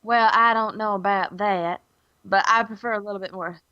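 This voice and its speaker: Woman, podcast host, bright lively voice, blunt opinions, slightly dull lo-fi audio. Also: mid-range voice. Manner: blunt, opinionated, quick reactions. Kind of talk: casual chat.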